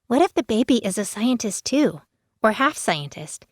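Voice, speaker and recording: A woman voicing a bubbly, mischievous teenage werepanda girl in a storybook, whining and wheedling in a much higher, drawn-out voice. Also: sing-song, dry recording, studio quality. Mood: pleading, teasing. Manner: whiny, wheedling and pleading.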